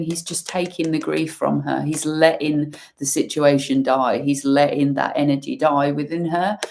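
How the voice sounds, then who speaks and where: Woman doing a tarot reading, low and slow, lots of "like" and "you know". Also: gravelly, a little mellow. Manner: slow, musing, full of fillers. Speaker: tarot reader. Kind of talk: intuitive tarot reading to camera.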